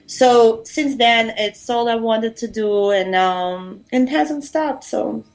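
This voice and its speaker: A woman's voice: on the high side, slow pace. A woman from Europe, a musician guest on a radio show, telling stories in a chatty, rambling way with many fillers. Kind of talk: casual radio interview storytelling.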